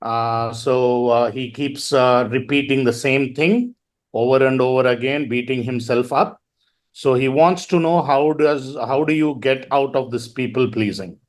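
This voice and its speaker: A man's voice: mid-range voice, a little slow. A man hosting an online recovery meeting over a video call, plainly relaying a question to the speaker. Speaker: meeting host.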